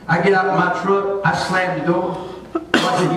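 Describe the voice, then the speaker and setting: A male pastor preaching a sermon, telling a folksy story in an animated way. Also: high voice, moderate pace, a little hiss or hum. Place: church sanctuary. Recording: echoey church hall, distant mic.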